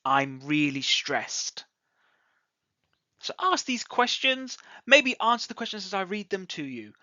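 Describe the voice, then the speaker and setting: A bright, expressive voice with a lively rise and fall in pitch, taking everything slowly as it explains grammar to learners. The sound is close and dry, with a slightly dull, lo-fi quality. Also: no echo. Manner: slow, clearly enunciated teaching delivery. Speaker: English teacher. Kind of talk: ESL grammar lesson.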